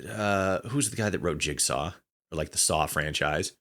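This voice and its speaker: Low voice podcast host guy, rambly, says like a lot. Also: moderate pace, pushed and bright. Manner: rambling, lots of filler words. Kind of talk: casual podcast chat.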